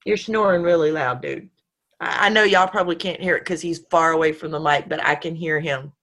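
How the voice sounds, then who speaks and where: A woman's voice: low voice, brisk, a bit bright. A woman hosting a casual online chat, rambling and profane and laughing often. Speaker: host. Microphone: online call.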